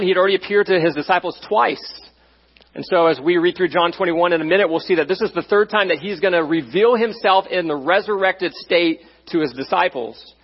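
A man preaching a sermon as pastor, animated and conversational, often checking in with his listeners. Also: sits high, dull audio.

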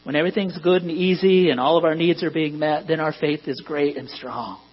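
A man's voice: fairly high pitch, brisk, slightly rough. A man preaching a sermon to a congregation in a conversational way that rises to emphatic peaks. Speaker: pastor. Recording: dull lo-fi recording with mains hum.

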